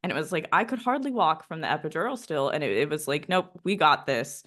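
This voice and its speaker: Young woman host, low voice, gets teary, halting and grateful. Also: sing-song, a bit bright. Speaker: podcast host, former Marine. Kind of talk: casual interview chat.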